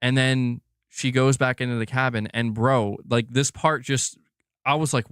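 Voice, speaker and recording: A man hosting a casual gaming livestream, excitedly going back over a game he played. He rambles, restarts often and swears freely, at an ordinary male pitch. The sound is close and dry, with no room echo. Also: a little slow, clear, resonant tone. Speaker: gaming channel host.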